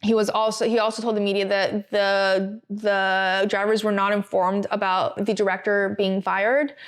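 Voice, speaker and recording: A woman's voice: medium pitch, level tone, normal speed, clean tone. A woman hosting a podcast, talking casually and animatedly, with filler words and laughs. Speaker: podcast host. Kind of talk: casual chat, reading a statement aloud.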